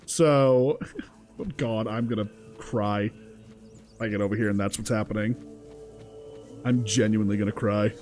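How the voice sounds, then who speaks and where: A man's voice: lowish voice, steady tone, measured pace, pauses often, darkish tone, soft background music. A young man streaming a game, chatting casually with his viewers, swearing freely and reacting to the action. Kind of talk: casual gameplay commentary.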